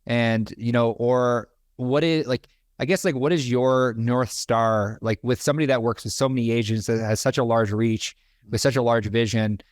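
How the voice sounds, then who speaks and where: A man's voice: medium pitch, fairly even intonation, normal speed, no echo. Male host, dry close recording, meandering questions, many fillers. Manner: rambling, heavy use of "like" and restarts. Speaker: podcast host. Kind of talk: casual interview questions.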